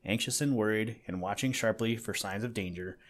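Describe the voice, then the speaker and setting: Low-voiced man reading a storybook. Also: fairly quick. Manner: gentle, addressing the listener. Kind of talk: storybook narration.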